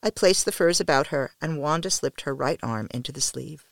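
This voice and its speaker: An audiobook narrator reading a first-person novel in a measured, expressive way, dropping low at the ends of sentences. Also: creaky, dry recording, clean studio sound.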